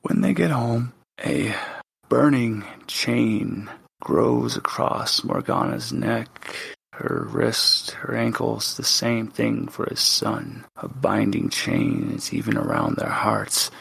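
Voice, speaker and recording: A man's voice: lowish voice, sing-song, takes it slowly, vocal fry, a bit bright, husky. A man narrating a tabletop game as game master, speaking dramatically to the player and often dropping to a whisper.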